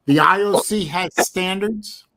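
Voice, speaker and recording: A wry, blunt man trades jokes and gripes on a livestream call, swearing as he goes. His voice sits a little on the high side. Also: unhurried, bright, forceful tone, low-quality recording. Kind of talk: casual banter.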